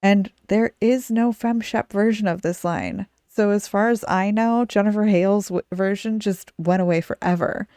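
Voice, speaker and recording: A woman's voice: mid-range voice, fairly even intonation, normal speed, hardly any pauses, dark tone, clean tone, dry recording, studio quality. A woman hosting a casual podcast, chatty and laughing often. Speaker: podcast host.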